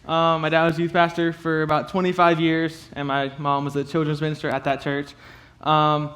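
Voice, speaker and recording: Nervous young man, higher voice. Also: monotone, a bit bright. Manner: nervous, halting, many fillers and nervous laughs; emotional, close to tears. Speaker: youth speaker giving a testimony. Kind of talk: personal testimony to a youth group.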